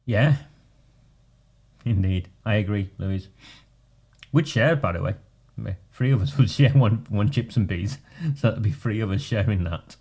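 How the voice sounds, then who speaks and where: A man's voice: on the low side, measured pace, pauses often, darkish tone, slightly rough. A man, a local campaigner talking bluntly and combatively in a casual video.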